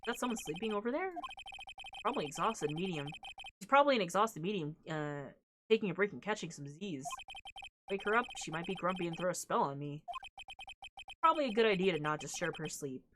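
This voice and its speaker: A woman's voice: lowish voice, lively intonation, fairly quick, noisy background. Chatty young woman streaming a game. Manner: chatty, reads scenery aloud, asides. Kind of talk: casual let's-play commentary.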